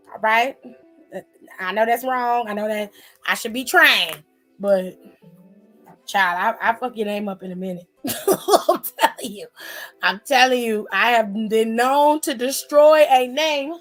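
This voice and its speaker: Chatty high-voiced woman streamer. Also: fairly bright tone. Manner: chatty and playful, calls viewers honey and child. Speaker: host of a live stream. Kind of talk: casual live-stream chat, reading comments.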